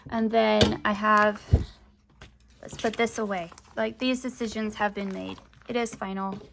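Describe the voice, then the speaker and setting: A woman's voice: mid-range voice, flat delivery, unhurried, vocal fry, noisy background. A young woman chatting casually to camera as a crafting vlogger, rambling with lots of fillers, her voice often rising at the ends of sentences.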